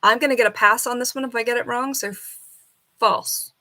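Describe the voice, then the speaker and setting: A woman on a casual live stream, reading quiz questions aloud and arguing with the answers, and now and then talking softly to her bird. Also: fairly high pitch, fairly even intonation, a little fast, slight background noise. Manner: chatty, reads questions then argues with the answers. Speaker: falconer streamer.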